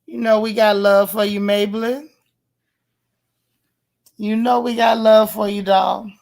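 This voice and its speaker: Hoarse woman, livestream host, chatty and affectionate, mid-pitched, reading comments aloud. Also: little pitch movement, a little slow, a little mellow. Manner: affectionate, teasing. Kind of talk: casual live-stream chat.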